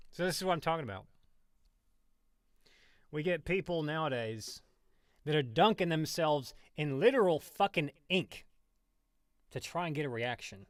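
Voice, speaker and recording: A man's voice: fairly high pitch, lively intonation, measured pace, pauses often, no room sound, clean studio sound. A man streaming and ranting in profane, sarcastic, rambling commentary.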